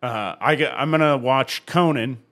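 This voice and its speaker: A man's voice: medium pitch, moderate pace, a bit bright. A man co-hosting a casual podcast, telling a story animatedly, swearing freely, acting out quotes and laughing often. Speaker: podcast co-host. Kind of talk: casual chat.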